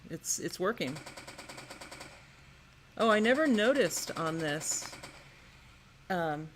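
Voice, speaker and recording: A woman's voice: on the low side, expressive, slow pace, slight background noise. A woman making and playtesting her own game, musing aloud to herself in a curious, tinkering way. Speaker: game maker. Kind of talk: casual think-aloud while building and playtesting a game.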